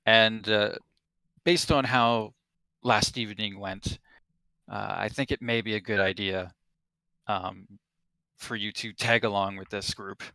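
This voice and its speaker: A man voicing a steady male rebel leader giving orders in a tabletop game. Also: fairly low pitch, unhurried, long pauses, dry recording. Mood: encouraging. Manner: briefing with hesitations, plain and direct. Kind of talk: tabletop role-play voice.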